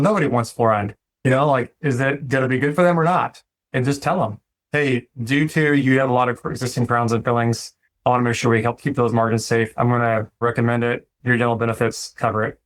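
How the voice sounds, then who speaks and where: A man, a dentist talking through running his practice in a relaxed, reflective way and acting out conversations with his staff. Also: mid-range voice. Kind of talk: casual interview talk.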